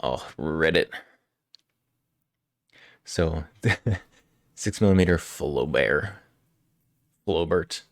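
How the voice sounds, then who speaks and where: A deep-voiced man chats casually on a live stream, taking his time and laughing often. His talk rambles with restarts and chuckles. The sound is dry and close. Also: very slow, pauses often, dry recording.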